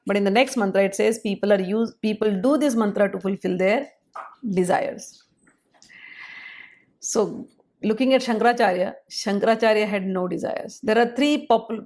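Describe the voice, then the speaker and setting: A woman, explaining scripture in a measured spoken lecture and pausing to spell out syllables. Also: medium pitch.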